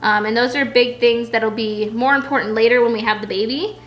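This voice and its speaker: A woman's voice: fairly high pitch, fairly even intonation, fairly quick, muffled recording. A pregnant woman chatting casually at home, answering viewer questions in a rambling way full of "like"s. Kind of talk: casual Q&A chat.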